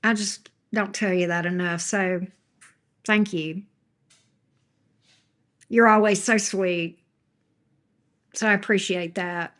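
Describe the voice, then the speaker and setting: A woman's voice: mid-range voice, steady tone, takes it slowly, long pauses, fairly bright tone. A woman tarot reader chatting casually with her viewers from home. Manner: chatty, talks baby talk to her pet. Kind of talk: casual livestream chat.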